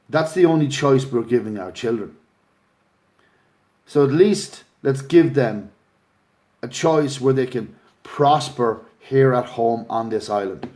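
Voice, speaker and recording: A middle-aged man with an Irish accent pleads earnestly into a phone or laptop mic, his voice sitting at an ordinary mid pitch. He talks in a heartfelt, emotional way, like an activist rallying his followers live. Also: a little mellow. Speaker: activist livestream host. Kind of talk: impassioned livestream appeal. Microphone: phone or laptop livestream.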